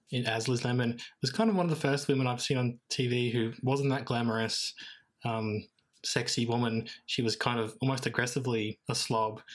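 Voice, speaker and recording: Podcast cohost, mid pitch, thinks out loud with lots of ums. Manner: thoughtful, hesitant with many ums and restarts. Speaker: podcast co-host. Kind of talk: casual chat.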